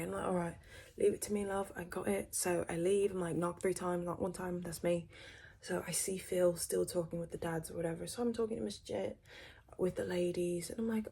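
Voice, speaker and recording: A young British woman doing a whispered role-play, gossiping quickly and switching between whispers and a soft voice, close to the mic. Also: lowish voice, little pitch movement, creaky, husky. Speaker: ASMR creator.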